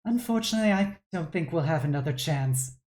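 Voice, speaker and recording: A woman voicing a sinister, overly polite middle-aged woman who speaks smoothly. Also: low-pitched, animated, a little fast, darkish tone, reverberant. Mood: sweetly menacing. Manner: smooth, courteous, menacing.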